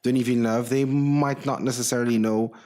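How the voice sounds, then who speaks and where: A man's voice: mid-range voice, steady tone, warm tone. Guy in a chat, medium voice, stumbles and repeats a lot. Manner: halting, repeats words. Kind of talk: casual chat.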